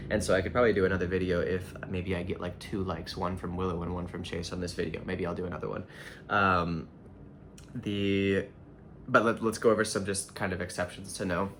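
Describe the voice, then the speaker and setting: A man teaching Spanish vocabulary in a relaxed, thinking-aloud way, with frequent fillers and restarts. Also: low voice, a little hiss or hum. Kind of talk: casual explanatory lesson.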